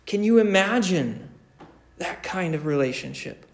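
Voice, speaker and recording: A man preaching a sermon with slow, deliberate emphasis, repeating key phrases. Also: sits high, lively intonation. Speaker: pastor.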